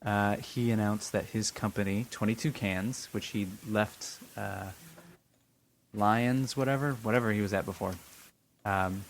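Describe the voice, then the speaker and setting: Low-voiced man rambling on a podcast. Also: steady tone, unhurried, a little hiss or hum, rough recording. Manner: rambling, many fillers and restarts. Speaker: podcast co-host. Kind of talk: casual chat.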